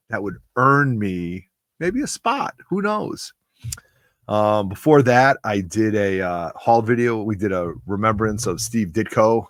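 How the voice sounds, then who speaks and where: A lowish-voiced man in his forties, host of a comic book channel, speaks directly into a close, dry mic with no echo. He offers a heartfelt, emotional tribute that rambles as he goes.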